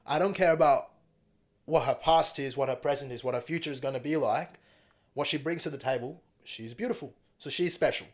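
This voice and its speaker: A man's voice: mid-range voice, a little fast. A young man, a podcast guest talking bluntly and swearing freely in a casual studio chat. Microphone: studio mic.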